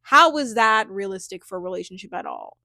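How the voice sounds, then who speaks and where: A woman's voice: medium pitch, lively intonation, a little fast, gravelly, bright, forceful tone, no echo, studio quality. A young woman vlogging a casual recap of a reality show, chatty and full of filler words. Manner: chatty, heavy filler words, frequent laughs. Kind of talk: casual reaction chat.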